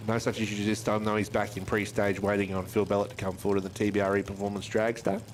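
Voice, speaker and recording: A man calling drag races live, chatty and quick with times and speeds. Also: on the low side, little pitch movement. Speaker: drag racing commentator. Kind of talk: live race commentary. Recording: faint track noise behind.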